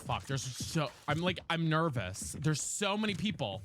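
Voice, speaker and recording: A man's voice: fairly high pitch, big pitch swings, moderate pace, few pauses, music in the background. A man streaming a game live, chatting with viewers and swearing, a little tired after hours on air. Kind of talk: live gameplay commentary and chat.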